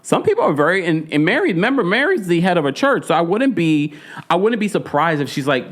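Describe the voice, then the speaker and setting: A man's voice: sits high, big pitch swings, quick pace. A man hosting a casual, opinionated recap of a reality show, talking emphatically and mimicking the people he discusses.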